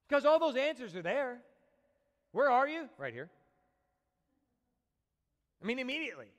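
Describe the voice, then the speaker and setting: Male pastor, sermon, animated delivery, acts out voices, lively pitch swings. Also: moderate pace, long pauses. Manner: animated, acts out quoted voices, speaks directly to the congregation. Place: church sanctuary. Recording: long church reverb.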